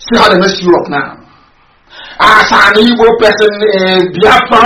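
A man giving a fiery, scolding radio address that swings between loud outbursts and low, hushed asides. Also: normal speed. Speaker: political broadcaster. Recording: echoey room with faint noise.

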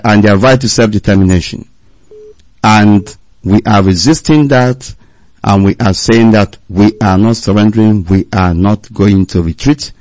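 A man's voice: on the low side, a little mellow, no room sound, poor audio. A man presenting a live radio broadcast, speaking in a declamatory, emphatic way.

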